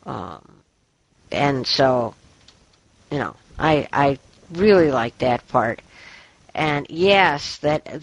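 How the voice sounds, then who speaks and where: Slow, hesitant woman in a book chat. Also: low-pitched, slightly rough, dry recording, low-quality recording. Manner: hesitant, halting, with many fillers. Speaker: book club member. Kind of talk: casual book discussion.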